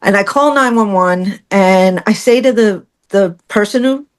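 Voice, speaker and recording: Middle-aged woman telling her story on a podcast, animated, acts out quotes, laughs a lot. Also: medium pitch, unhurried. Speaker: podcast guest. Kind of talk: personal storytelling in conversation.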